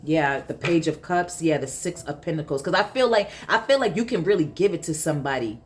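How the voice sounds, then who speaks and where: A woman's voice: low voice, expressive, a little fast, a little hiss or hum. A woman giving a casual tarot reading, emphatic and blunt, repeating her points and swearing freely. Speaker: tarot reader.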